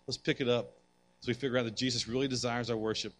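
A man preaching a sermon to women, reading scripture aloud and swinging between loud emphasis and quiet asides. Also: mid-range voice, steady tone, quick pace. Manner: addresses the women in the audience directly; reads scripture aloud and comments on it.

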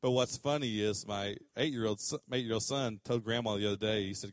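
A man's voice: lowish voice, steady tone, brisk, hardly any pauses, no echo, clean studio sound. A middle-aged man, preaching a sermon in a conversational way that rises to emphatic questions. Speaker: pastor.

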